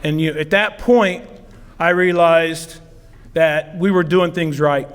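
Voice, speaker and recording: A man's voice: a little high, fairly even intonation, takes it slowly, clean tone. A middle-aged man from southeastern Ohio, a football coach giving an acceptance speech, telling stories in a rambling, heartfelt way with many fillers. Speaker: football coach, hall of fame inductee. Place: ceremony hall. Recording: long hall reverb.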